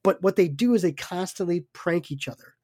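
A man with a somewhat high voice co-hosting a casual podcast. He tells stories in an animated, rambling way, full of fillers and laughs. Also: brisk, no room sound. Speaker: podcast co-host.

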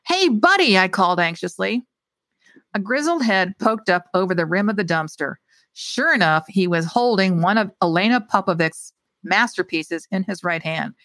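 A woman's voice: on the low side, moderate pace, a bit bright, dry recording. A woman author reading her own short story aloud with expression, and chatting casually and hesitantly about it afterwards.

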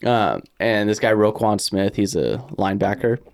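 A man's voice: on the low side, animated, moderate pace, vocal fry. Laughing young man telling sports stories. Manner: storytelling, laughs often, acts out quotes. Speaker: podcast co-host. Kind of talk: casual chat.

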